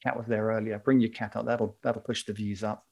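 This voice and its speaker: Gravelly-voiced man chatting casually. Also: fairly low pitch, level tone, a little fast, darkish tone. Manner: joking, rambling, laughs often. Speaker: podcast co-host. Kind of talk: casual chat.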